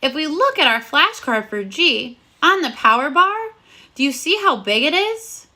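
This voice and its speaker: A woman teaching phonics to first graders in a video lesson. Her voice sits high and sounds bright and clear. She talks slowly and cheerfully, with sing-song praise for the children. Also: sing-song.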